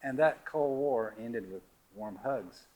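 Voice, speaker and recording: An older man from Georgia telling a personal story to listeners, lively and laughing, his voice rising high at the funny moments. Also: slow, rough recording. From Georgia, USA.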